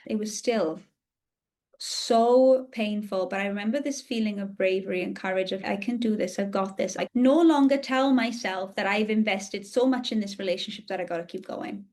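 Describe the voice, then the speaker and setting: A woman's voice: medium pitch, normal speed, a little mellow. A woman in her thirties, a podcast host telling a personal story in a candid, confessional and emotionally open way.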